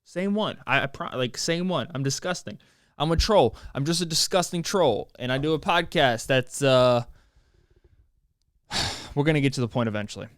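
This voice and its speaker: A man's voice: mid-range voice, lively intonation, moderate pace, dry recording, studio quality. A young man hosting his own podcast, ranting alone in a joking, self-mocking way with many restarts. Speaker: podcast host. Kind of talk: solo rambling rant.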